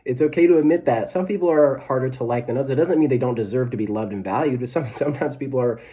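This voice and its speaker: A young man in his twenties delivers a sermon in an easygoing, conversational way, often restarting his sentences and checking in with "right?". His voice sits at an ordinary middle pitch with a soft, mellow, dark tone. He comes across as a pastor who jokes about himself while he teaches. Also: quick pace. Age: 20s. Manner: conversational, self-deprecating, frequent restarts and "right?" tags.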